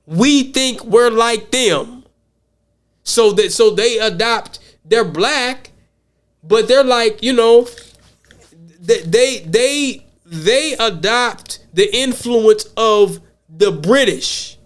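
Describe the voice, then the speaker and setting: A man's voice: sits high, lively intonation, slow. An American man hosting a podcast, talking casually and rambling, often repeating words as he restarts. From United States. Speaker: podcast host.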